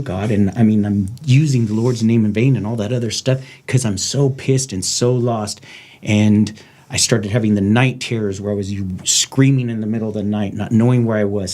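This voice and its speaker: A man's voice: fairly low pitch, dark tone. A middle-aged man and former lawman hosting a podcast, speaking in a raw, blunt, heartfelt way. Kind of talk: candid podcast conversation.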